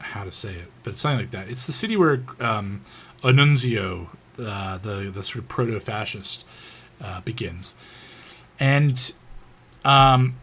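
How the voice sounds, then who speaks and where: A man's voice: medium pitch, bright, forceful tone, breathy edge. A man giving a casual, unscripted history lecture, rambling with frequent fillers and restarts.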